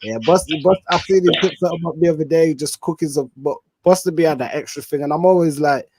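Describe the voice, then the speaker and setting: A man from the UK co-hosting a casual chat, reflective and unhurried, trailing off with fillers. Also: on the high side, noisy background. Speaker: podcast co-host.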